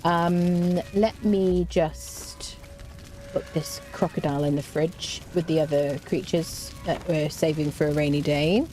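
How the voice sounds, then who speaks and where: A woman's voice: low-pitched, fairly even intonation, a little slow, dark tone, soft background music. Chatty self-mocking woman streamer. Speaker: streamer playing a survival game. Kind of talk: casual gameplay commentary.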